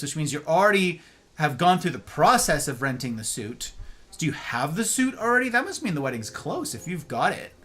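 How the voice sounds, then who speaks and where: Male streamer, lively swooping delivery, bright tone, playful chatter, faint music behind. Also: a little high. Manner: animated, playful, reacts to chat. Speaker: livestream host. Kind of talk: casual chat with viewers.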